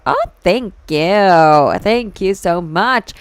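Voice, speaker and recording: A woman's voice: medium pitch, sing-song, moderate pace, clear, resonant tone, no echo. A woman VTuber chatting with her live-stream viewers, giggling, answering chat messages playfully and switching between English and Hindi.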